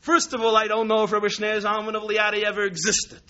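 A man voicing an angry Russian woman history teacher, a stubborn communist, who shouts and pounds the table. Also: sits high, monotone, fast talker, dull audio, pitched above the performer's own voice. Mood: furious.

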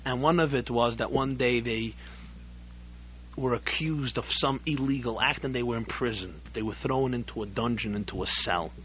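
A man teaching a Torah class as a rabbi, telling a story in an animated way that swells to emphatic peaks. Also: mid-range voice, moderate pace. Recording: dull lo-fi recording with faint hum.

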